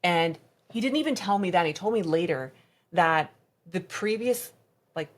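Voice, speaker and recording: A woman as a podcast guest recounting a personal story in conversation, halting and reenacting past dialogue. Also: on the low side, expressive.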